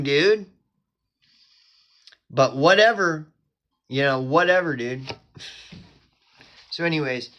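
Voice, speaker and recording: A man hosting his own channel, rambling in a profane casual rant, full of "dude" and "bro", flaring into angry quotes. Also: fairly high pitch. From Oklahoma. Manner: flares up into angry shouted quotes. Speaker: channel host. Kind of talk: casual ranting monologue.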